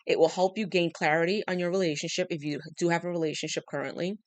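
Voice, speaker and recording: A woman's voice: fairly low pitch, fairly even intonation, fast, no room sound. A woman giving a channeled tarot reading, talking straight to the listener in an emphatic, coaxing way, her throat dry. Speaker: tarot reader.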